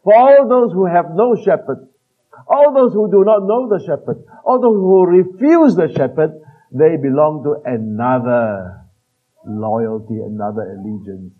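A man preaching a sermon, earnest and emphatic, slowing down to quote scripture and trailing off softly at the ends of phrases. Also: on the high side, lively intonation, slightly rough. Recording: tinny phone-like band-limited recording.

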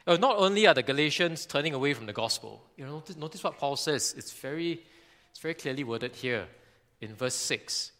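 A man preaching a sermon, animated, sometimes acting out shouts and quotes. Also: a little high, a little fast. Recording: long hall reverb.

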